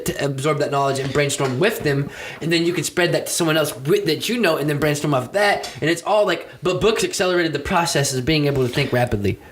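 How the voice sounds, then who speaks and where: A man's voice: a little high, fairly bright tone, a little hiss or hum. A young man co-hosting a podcast, chatting loosely and profanely, laughing and breaking into freestyle rhymes. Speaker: podcast co-host. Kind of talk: casual podcast chat with freestyle rapping.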